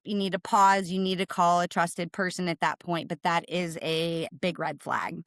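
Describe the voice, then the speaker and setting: Woman, smooth resonant voice, dry close sound, brisk emphatic explainer, podcast guest. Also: mid-range voice, fairly bright tone, dry recording. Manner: brisk, emphatic, tags points with "right?". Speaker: cargo claims and risk manager, guest.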